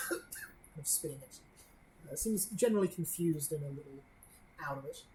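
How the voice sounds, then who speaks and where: A woman narrating as game master of a tabletop game, halting and filling pauses with "uh" and "you see". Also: low voice, expressive, warm tone, slight background noise, poor audio.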